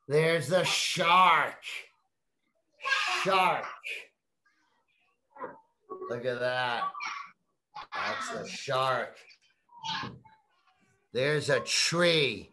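A woman teaching young children, reading a picture book aloud in a slow, coaxing way and prompting them to repeat words. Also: deep voice, animated, noisy background. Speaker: kindergarten teacher.

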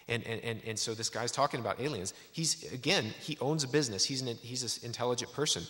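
A man's voice: mid-range voice, fast talker, few pauses, sharp tone. A man giving a sermon in a church, telling a story with many restarts. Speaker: preacher. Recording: echoey church hall.

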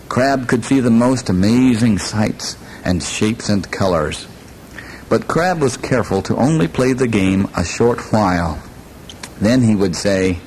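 A man with a low voice tells a children's story in a slow, lilting way, inviting listeners to say the repeated parts with him. A faint rumble runs under the recording. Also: darkish tone, low-quality recording. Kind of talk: children's story read aloud with sing-along parts.

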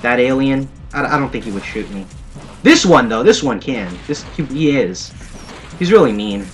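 In a sing-song, mid-range voice at a moderate pace, a young gaming commentator offers playful, sarcastic let's play commentary on a shooter game, dropping jokey asides. A little hiss or hum is audible, and game music plays faintly behind.

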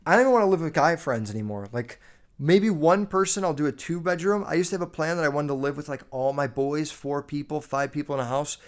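A man in his early twenties hosting a podcast, ranting casually in a blunt, profane, animated way. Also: on the high side, fast talker. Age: 20s. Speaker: podcast host. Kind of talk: casual rant.

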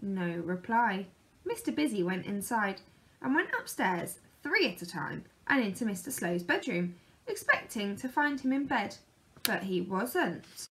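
Lively woman reading a picture book. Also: medium pitch, measured pace. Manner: lively, expressive read-aloud. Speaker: storyteller.

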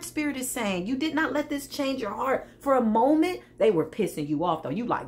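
Her voice a little high and animated, this tarot reader talks briskly with hardly any pauses as she does a reading for her viewers. She's sassy and preachy, laughing often and tossing in asides throughout the spiritual monologue.

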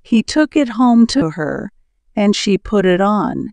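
Slow, crisp woman storyteller. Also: medium pitch, very animated, darkish tone, no room sound. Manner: careful, measured reading. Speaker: narrator. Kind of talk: slow storytelling for English learners.

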